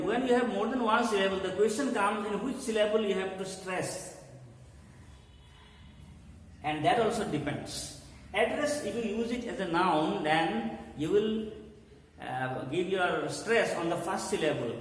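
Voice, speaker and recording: A man teaching an English pronunciation lesson, slowly repeating words for emphasis. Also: high-pitched, expressive. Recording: echoey hall, mic far off, faint hum.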